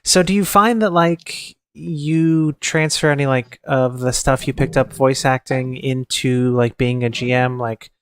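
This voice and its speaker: A man hosting a podcast, asking relaxed questions and reading them out from the audience. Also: mid-range voice, a little slow, few pauses. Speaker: podcast host. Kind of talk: casual interview questions.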